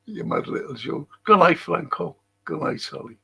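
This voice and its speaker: A man's voice: a little high, lively intonation, moderate pace, gravelly, fairly bright tone, slightly rough. A man hosting a casual late-night livestream in a rambling, sweary way and chuckling to himself, speaking into a computer mic at a desk. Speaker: livestream host.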